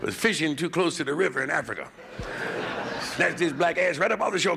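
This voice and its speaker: A man's voice: fairly high pitch, lively intonation, brisk, gravelly. An American male comedian doing crude, conversational nightclub stand-up and working the crowd from a hotel stage, on a noisy 1970s live VHS tape. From United States.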